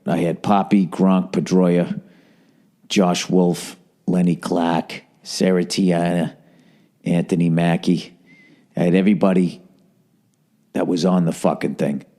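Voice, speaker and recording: A man holds the mic alone, spinning a long casual story with a wry, profane edge. His voice sits a little low and unhurried, drifting from one aside to the next. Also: level tone, mellow. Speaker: podcast host.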